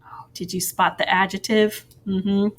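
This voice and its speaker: In a mid-range, animated voice, a female teacher records a grammar lesson for young children. She speaks slowly in a sing-song way, adding soft words of encouragement.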